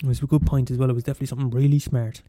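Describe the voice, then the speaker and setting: A young Irish man ranting profanely on his podcast, talking fast and mumbling. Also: mid-range voice, level tone, dark tone, no room sound, studio quality, soft background music. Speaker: podcast host. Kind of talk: casual solo rant.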